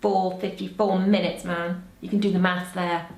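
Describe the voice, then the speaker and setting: A woman's voice: lowish voice, level tone, moderate pace, a little mellow. A woman, a vocal coach, chatting casually and exclaiming as she reacts, with frequent laughs. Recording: echoey room.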